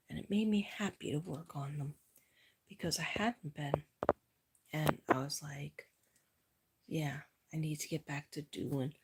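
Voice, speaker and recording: A woman chatting casually on a live stream from home, rambling and soft-spoken, often dropping to a whisper. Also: low voice, heavy background noise.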